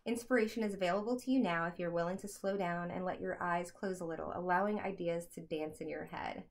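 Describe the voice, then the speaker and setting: Chatty, excitable woman reading tarot. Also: lowish voice, fast talker. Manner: chatty, excitable, laughing often, talks to her dogs. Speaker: tarot reader. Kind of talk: casual tarot reading to camera.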